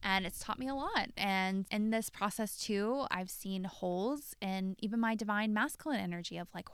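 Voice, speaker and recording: A woman's voice: mid-range voice, moderate pace, hardly any pauses, smooth, no echo, clean studio sound. A young adult woman coach talking candidly on her podcast, open about her own mistakes, with many "like"s and "you know"s. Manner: candid, self-disclosing, lots of fillers like "like" and "you know". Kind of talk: reflective solo podcast talk.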